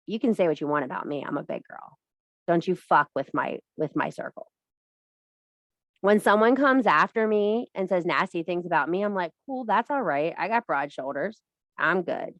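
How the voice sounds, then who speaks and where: A witchcraft teacher and live streamer, this woman gives a casual spiritual pep talk on witchcraft, blunt and profane, driving points home through repetition. Her voice is on the low side and a bit bright, with no echo.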